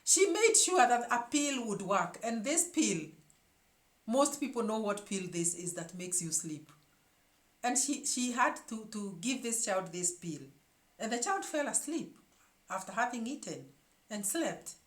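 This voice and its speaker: A woman's voice: fairly high pitch, big pitch swings, unhurried. A woman hosting her own show, telling a story to her viewers in an emphatic way and often repeating words as she searches for the next one. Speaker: show host. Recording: echoey room.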